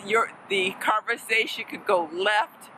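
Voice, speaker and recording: Casual woman learner-teacher, bright tone, talky and playful, sprinkles in Spanish words. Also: mid-range voice, steady tone, unhurried, slight background noise, rough recording. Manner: chatty and playful, laughs often, mixes in Spanish words. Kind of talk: casual vlog lesson.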